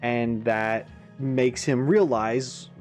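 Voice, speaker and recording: A man hosting a game reaction video, talking in an animated, musing way with frequent asides. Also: medium pitch, drawn-out words, soft background music. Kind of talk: casual commentary.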